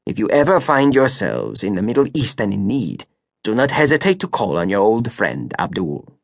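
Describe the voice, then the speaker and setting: A formal older sheik with a thick foreign accent, as a male narrator puts him on, speaking low, soft and courteous. His gratitude comes out measured and dignified. The read is dry and close, with no room around it. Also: huge pitch swings, vocal fry, dry recording, full character voice. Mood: grateful. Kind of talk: audiobook character voice.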